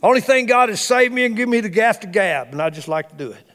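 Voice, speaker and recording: A male pastor preaching a sermon in a church, swinging between loud exclamations and hushed asides. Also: sits high, lively intonation, fast, few pauses. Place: church sanctuary. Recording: reverberant church hall.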